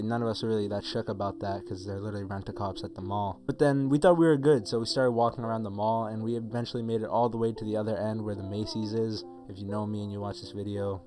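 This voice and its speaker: Young male vlogger, low and quick, casual rambling story-time delivery, faint music bed. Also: steady tone. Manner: rambling, profane, filler-heavy retelling.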